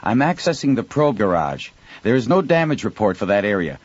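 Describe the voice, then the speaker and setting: A man's voice: lowish voice, sing-song, fairly quick, no echo, dull audio, pitched above the performer's own voice. A man voicing a woman officer stranded aboard a crippled starship, keeping her replies level and dutiful. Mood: steady.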